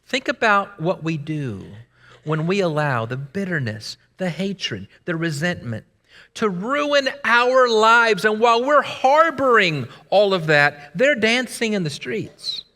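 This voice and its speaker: A man gives a sermon in a church sanctuary, his voice pitched high and ringing bright. He tells stories and swings between loud emphasis and near-hushed lines. A long reverb trails his words through the hall. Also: lively intonation, normal speed. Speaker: preacher.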